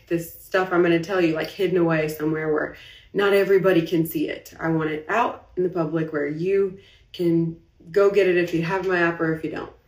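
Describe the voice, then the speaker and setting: A young woman talking on a late-night live video, rambling and confessional and holding back tears, saying she feels anxious. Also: on the low side. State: anxious, heart racing. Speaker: business owner livestreaming. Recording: roomy echo, somewhat far from the mic.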